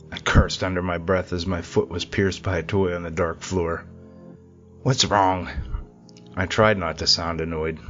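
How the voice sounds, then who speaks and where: A man narrating a scripted horror story in a measured, steady way. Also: sits low, highs cut off.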